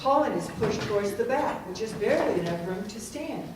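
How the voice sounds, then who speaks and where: A woman's voice: medium pitch, expressive, a little fast, noisy background. A woman narrating and reading stage directions in a matter-of-fact way, recorded echoey and from a distance. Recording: echoey room from far off.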